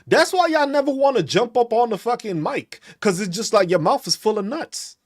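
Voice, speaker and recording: A man's voice: extremely high pitch, expressive, moderate pace. A man hosting a podcast, mocking and profane, ranting at commenters and laughing between taunts. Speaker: podcast host.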